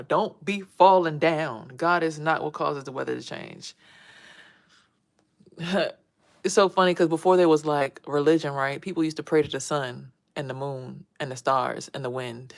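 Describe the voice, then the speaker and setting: A woman doing a casual, rambling spiritual tarot vlog and talking straight to her viewers. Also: deep voice. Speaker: tarot reader and spiritual vlogger.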